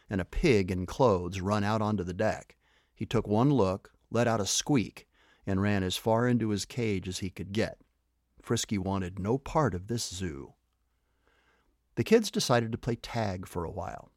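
A man with a low voice reads a children's story aloud, animated and lively in his storytelling. The sound is close and dry. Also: no echo.

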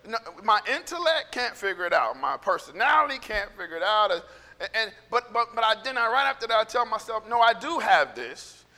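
A man's voice: high voice, expressive, brisk, bright, forceful tone. Fervent preacher man in an echoing hall. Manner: rambling, repeats words, builds to fervent preaching. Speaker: pastor. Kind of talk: casual sermon storytelling. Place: church sanctuary. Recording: long hall reverb.

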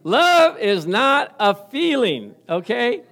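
High-voiced pastor telling stories. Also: male voice, very animated, slow pace, vocal fry, fairly bright tone. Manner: storytelling with call-and-response, laughing often. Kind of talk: sermon.

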